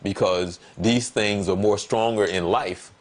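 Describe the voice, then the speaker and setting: A man in relaxed conversation on a talk show, telling a personal story. He leans on words and repeats them for emphasis. When he acts out what he said, his voice leaps up animatedly. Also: on the low side, measured pace. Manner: animated, voice jumps up when quoting himself. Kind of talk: casual conversation.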